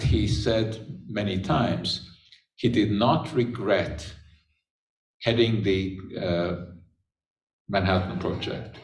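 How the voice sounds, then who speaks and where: A man hosting a science show, giving a measured, explanatory talk. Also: fairly low pitch. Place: public library talk room. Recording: echoey room, voice from a distance.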